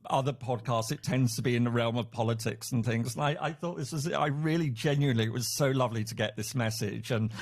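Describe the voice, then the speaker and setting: A man with an English accent, a guest academic on an interview show, who talks in a halting way, repeats words and laughs often. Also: medium pitch. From England. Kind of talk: conversational interview.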